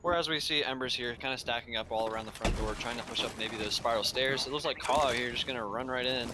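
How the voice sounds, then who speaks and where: Male esports caster, rapid casual play-by-play, noisy game audio behind. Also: medium pitch. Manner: quick, eager, casual calls. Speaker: esports commentator.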